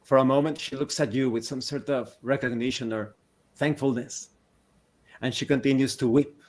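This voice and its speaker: A man narrating a tabletop game as game master in a slow, deliberate way. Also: mid-range voice, fairly even intonation, a little mellow.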